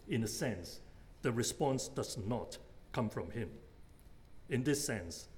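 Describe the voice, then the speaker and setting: A man's voice: medium pitch, darkish tone, a little hiss or hum. A man giving an academic lecture on philosophy, methodically setting out numbered points. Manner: measured, methodical, enumerating points.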